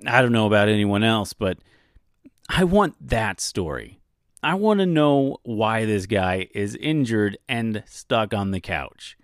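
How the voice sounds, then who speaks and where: Wry, slow-talking man with a lively pitch. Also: no room sound, studio quality. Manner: wry and self-deprecating. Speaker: audiobook podcast host. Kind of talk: podcast commentary.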